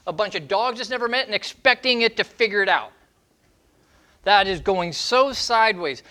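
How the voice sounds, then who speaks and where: His voice is extremely high, pushed and bright. He's a dog trainer giving Q&A advice on a show, forcefully acting out training steps in short, punchy fragments.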